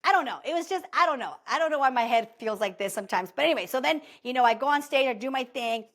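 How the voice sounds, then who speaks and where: Talking quickly in a slightly high voice, a woman hosts a podcast and gives her listeners casual motivation. Her animated storytelling is peppered with "like" and "okay?" all the way through.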